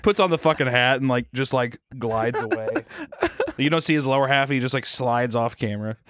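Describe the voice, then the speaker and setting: A man's voice: medium pitch, a little fast, a bit bright, no echo, clean studio sound. A young man co-hosting a casual comedy podcast, riffing and jumping into character voices as he tells scenes. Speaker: podcast co-host.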